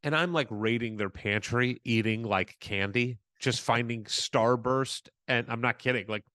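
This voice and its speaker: A Southern California man co-hosts a podcast, telling a story in casual conversation and animatedly performing the voices of the people he quotes. His voice is medium-pitched and a little slow. The recording is dry and clean, with studio quality.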